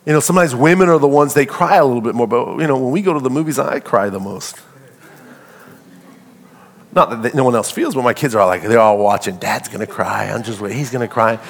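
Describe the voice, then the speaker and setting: A man's voice: medium pitch, fairly quick. A middle-aged man preaching a sermon, calling out to the congregation and acting out little scenes in a loose, conversational way. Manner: call-and-response preaching, animated and conversational. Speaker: pastor.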